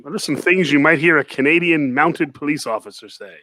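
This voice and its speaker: A man's voice: fairly high pitch, fairly quick, pushed and bright, no room sound. A man hosting a comedy game show, laughing often as he calls on each player by name. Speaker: host.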